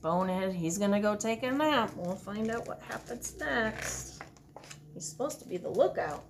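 A children's librarian reading a picture book aloud at story time, with hushed asides to the children. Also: female voice, mid-range voice, expressive, normal speed, a little hiss or hum.

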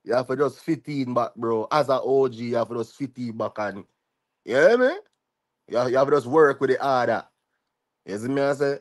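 A man's voice: medium pitch, fairly even intonation, brisk. A man vlogger speaking with a Jamaican patois accent, ranting heatedly and often tagging his lines with "you see me" and "dog". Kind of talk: ranting vlog commentary.

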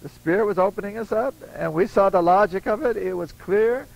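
An older man preaches a folksy storytelling sermon, acting out voices in his stories and adding chuckling asides. His voice is high and brisk with vocal fry, and the audio is poor.

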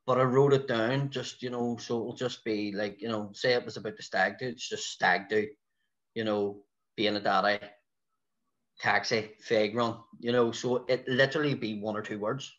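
A stand-up comedian from West Belfast, Northern Ireland, tells anecdotes casually in a lowish voice at normal speed, with the highs cut off. He's an animated storyteller with a Belfast accent who acts out other people's voices.

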